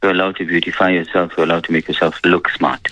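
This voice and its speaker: A man answers listener questions as a religious scholar, calm and conversational, leaning on frequent fillers. His voice is very low. The recording is dry and slightly dull, like a lo-fi radio feed. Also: quick pace, no room sound.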